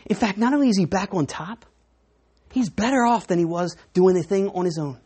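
A woman preaching a sermon with an object lesson, lively and acting out the voices of a crowd. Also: mid-range voice, brisk, husky. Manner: animated, acts out crowd voices.

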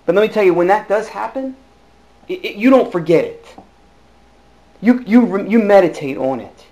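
A male pastor preaching a sermon, telling his own calling story with lively swings between hushed and loud delivery and frequent restarts. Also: sits high, moderate pace. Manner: frequent restarts and repeated words. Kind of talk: sermon with personal testimony.

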